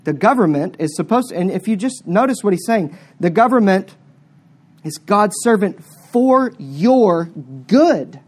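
Emphatic preacher with sharp swings. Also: mid-range voice, animated, unhurried. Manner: emphatic, with sharp swings between loud stressed words and quiet asides. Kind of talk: sermon.

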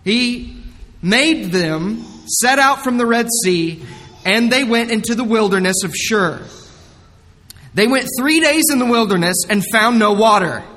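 A man's voice: extremely high pitch, lively intonation, unhurried, fairly bright tone, big-room sound. A man pastor preaching a sermon in an earnest, emphatic way, with dramatic retellings.

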